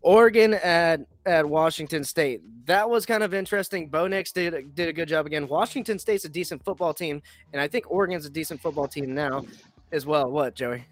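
A man's voice: a little high, fairly quick. Blunt, profane young man hosting. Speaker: podcast host. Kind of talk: casual sports chat.

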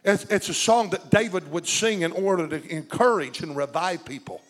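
At a moderate pace, a man with a strikingly high voice preaches fierily in a church sanctuary, alternating soaring shouts with low, confiding asides. He prompts the congregation to answer, and the big church's long reverb rings around him.

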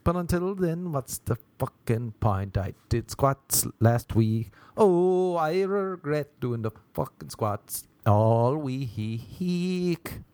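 A man's voice: mid-range voice, lively intonation, slow pace, few pauses, darkish tone, dry recording. A man hosting a solo podcast, rambling and swearing cheerfully and mocking himself, with bursts of nonsense sing-song. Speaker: podcast host. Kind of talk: casual solo podcast monologue.

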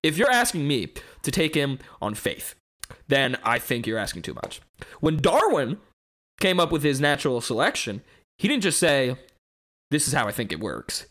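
A man's voice: medium pitch, fairly bright tone. A man doing an impassioned skeptic's rant. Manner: impassioned, rhetorical, escalating rants. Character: fiery young male skeptic lecturing a bishop. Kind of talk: dramatic monologue.

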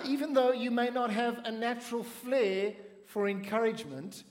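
High-voiced preacher in an echoing hall. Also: male voice. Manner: measured preaching with audience call-and-response. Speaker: pastor. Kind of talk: sermon.

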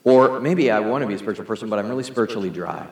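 A man's voice: fairly low pitch, very fast, a little mellow. A man preaching a sermon to his congregation in a conversational, earnest way, leading them in prayer. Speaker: pastor. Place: church hall. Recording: echoey hall reverb.

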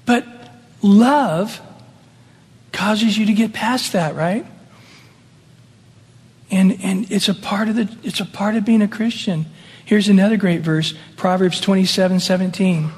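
Middle-aged male pastor, high husky voice, conversational sermon full of laughs and put-on voices, heard in a church hall with long reverb. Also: measured pace, pauses often. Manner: conversational, laughing asides, acts out quoted voices. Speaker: senior pastor.

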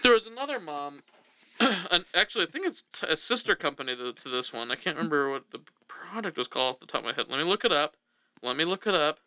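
A man's voice: a little high, very animated, fast talker, sharp tone, clean tone, dry recording. A man hosting a casual comedy podcast, rambling and laughing often as he jokes. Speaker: podcast host.

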